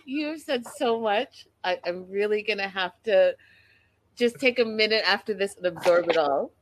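A woman's voice: medium pitch, normal speed. A woman from Canada hosting a casual chat, teasing and questioning her guest precisely.

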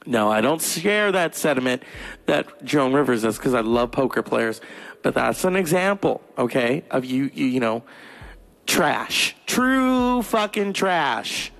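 A young man from California doing crude, profane stand-up storytelling, putting on shrill voices for other people. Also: animated, normal speed, vocal fry. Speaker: stand-up comedian. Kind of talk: stand-up monologue.

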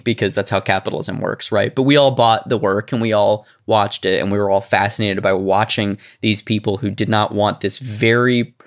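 Chatty man riffing on late-night TV. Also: mid-range voice. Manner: animated, rambling with restarts, slips into mock voices. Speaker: podcast co-host. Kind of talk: casual chat.

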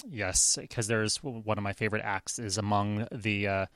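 A man's voice: lowish voice, flat delivery, moderate pace, fairly bright tone, smooth, no room sound. A man co-hosting a music podcast in casual chat, talking with lots of fillers and restarts. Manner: chatty, filler-heavy. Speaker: podcast co-host. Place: remote, on a call line.

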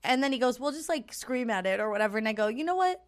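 Her voice runs on the high side, smooth and racing along. She's a young adult podcast co-host telling casual stories and animatedly voicing what others said.

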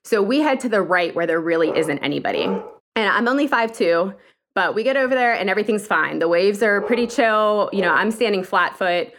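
A woman's voice: medium pitch, fairly quick, noisy background. A young adult woman from Pennsylvania, calling in to tell a personal story in a casual, vivid way. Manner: vivid, lively retelling with quoted inner thoughts. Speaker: caller telling a story.

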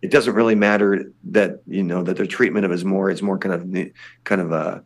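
Older male guest, gravel in a low voice, loose rambling talk. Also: fairly even intonation, fairly quick. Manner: rambling, many restarts and fillers. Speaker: lead singer of a punk band, podcast guest. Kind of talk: casual interview chat.

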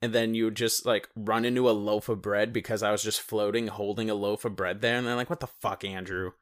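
A man's voice: fairly low pitch, level tone, brisk. A man co-hosting a casual movie chat, joking crudely and acting out characters. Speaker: podcast co-host.

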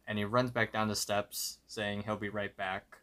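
Low, bright-toned man recapping a show. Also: little pitch movement, moderate pace. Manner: loose, filler-heavy narration with quoted lines. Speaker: podcast co-host. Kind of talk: casual episode recap.

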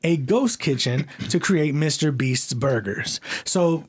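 A man's voice: on the high side, lively intonation, slow, slightly rough. A man co-hosting a podcast, ranting heatedly and swearing a lot, with frequent restarts. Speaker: podcast co-host.

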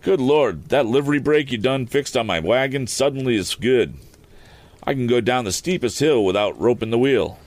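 A man doing a folksy older laborer with a slow, drawling way of talking. The voice is pitched above a deep reading voice and swings up and down. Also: very animated, no echo. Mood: hearty.

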